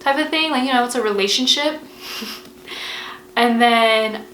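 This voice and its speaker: A young woman talks to camera in a relaxed, unhurried way, her voice bright and open. She speaks with lots of casual fillers and heartfelt emphasis. The room has a noticeable echo. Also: fairly high pitch, a little hiss or hum. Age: young adult. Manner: chatty, emotional, lots of "like" fillers. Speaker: vlogger. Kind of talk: casual advice vlog.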